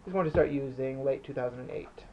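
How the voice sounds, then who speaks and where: A man reading the part of a cold, calculating male arms smuggler who speaks calmly and precisely. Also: mid-range voice, fast talker, dull audio, noisy background, lightly acted. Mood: cold, controlled.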